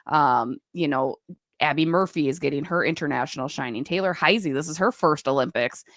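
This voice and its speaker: A woman co-hosting a podcast, chatting casually about hockey and rattling off stats and player names at a brisk clip. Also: low voice, fairly bright tone, no echo, clean studio sound. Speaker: podcast co-host.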